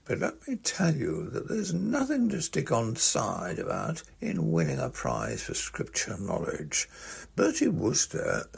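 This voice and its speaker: A man voicing a drunk, pompous young upper-class gentleman who slurs and blusters at a schoolboy in a comic reading. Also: medium pitch, huge pitch swings, unhurried, gravelly, husky, heavily acted. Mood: ranting. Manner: slurring, blustering, belligerent.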